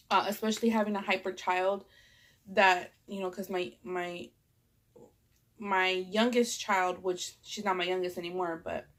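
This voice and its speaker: A young woman with a Californian accent, stuffed up from a cold, rambling casually while eating in a vlog. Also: mid-range voice. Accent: Californian English. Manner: rambling, chatty, lots of "like" and fillers. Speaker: vlogger.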